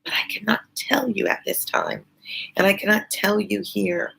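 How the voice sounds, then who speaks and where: A woman voicing a gentle, devoted young woman who tenderly pleads with her father. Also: on the low side, fairly even intonation, normal speed, vocal fry, poor audio. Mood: tender pleading. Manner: tender, pleading, repetitive appeals.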